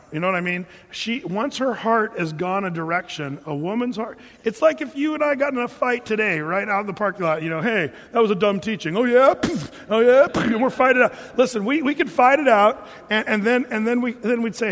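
A man preaching to a congregation of men, animated and emphatic, stumbling over and repeating his words as he pushes a point. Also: sits high, big-room sound. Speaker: pastor and marriage counselor. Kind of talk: sermon.

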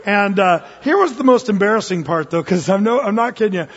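Male pastor, high husky voice, folksy storytelling sermon, dull recording, long hall reverb. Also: animated, brisk. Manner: folksy storyteller, many fillers and restarts.

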